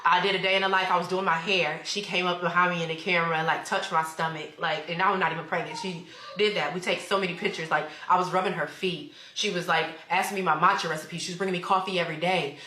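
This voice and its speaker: A woman's voice: on the low side, fairly even intonation, fast talker, pushed and bright, reverberant, slight background noise. A young woman telling a rambling personal story in a casual storytime chat at home, full of fillers. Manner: rambling, chatty, with many fillers. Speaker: vlogger.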